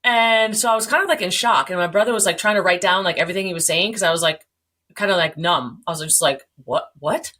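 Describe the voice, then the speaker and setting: A woman in her forties telling her story as a podcast guest, animated, acting out quoted dialogue, swearing and laughing along the way. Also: lowish voice, fast talker. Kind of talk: candid storytelling.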